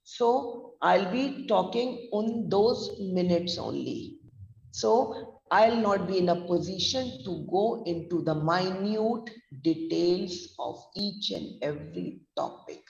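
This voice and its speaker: A woman pronunciation trainer with an Indian English accent, spelling words out slowly and deliberately in a lesson. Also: lowish voice, sing-song, creaky, a little mellow. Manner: slow deliberate spelling-out, mixing Hindi. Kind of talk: online vocabulary lesson. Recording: echoey distant lo-fi room mic.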